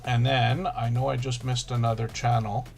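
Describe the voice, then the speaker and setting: A man hosting a live stream, talking fast and casually, often restarting his sentences as he greets viewers. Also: medium pitch, level tone, gravelly, faint music behind. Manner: fast-talking, self-correcting, chatty. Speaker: livestream host.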